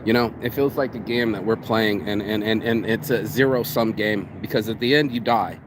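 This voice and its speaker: A man's voice: lowish voice, steady tone, normal speed, noisy background. A man vlogging outdoors in a rambling, profane casual monologue, calling the listener "bro". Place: outdoors in public.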